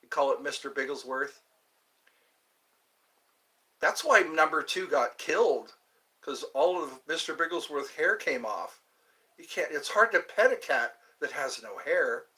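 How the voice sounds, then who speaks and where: Bright-voiced man rambling to stream viewers. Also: on the high side, lively intonation, unhurried, pauses often. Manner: meandering, amused, trails off into asides. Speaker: livestream host. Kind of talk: rambling casual chat to viewers.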